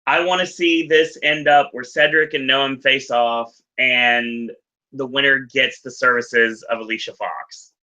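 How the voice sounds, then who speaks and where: A male podcast host recaps wrestling in casual chat, rambling, correcting himself and laughing easily. His medium-pitched voice is steady, bright and forceful, delivered unhurriedly, though the recording sounds muffled.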